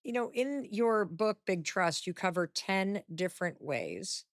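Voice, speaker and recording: A woman's voice: medium pitch, lively intonation, measured pace, dry recording, clean studio sound. A woman hosting a podcast interview, reacting candidly and emotionally with short exclamations. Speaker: podcast host.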